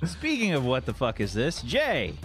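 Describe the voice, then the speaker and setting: A man's voice: mid-range voice, wildly swooping pitch, moderate pace, fairly bright tone, faint music behind. A man running a tabletop game as game master, introducing players with teasing, playful banter. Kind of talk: casual actual-play chat.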